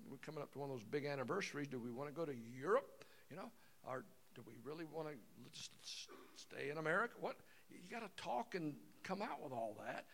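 Gravelly, folksy man in his sixties. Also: fairly high pitch, fairly bright tone. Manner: rambling, acts out scenarios with voices. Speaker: seminar speaker. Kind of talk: folksy teaching talk.

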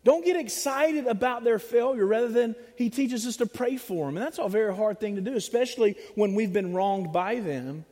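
Preacher, male, high voice, animated and joking, sermon delivery, long church reverb. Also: moderate pace, hardly any pauses. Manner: animated, humorous, acts out voices of others. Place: church sanctuary.

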